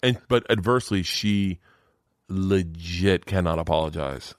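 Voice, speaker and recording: A man telling stories on a podcast, animated and swearing, often acting out the voices of the people in them. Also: sits low, measured pace, dry recording, clean studio sound. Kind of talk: casual podcast storytelling.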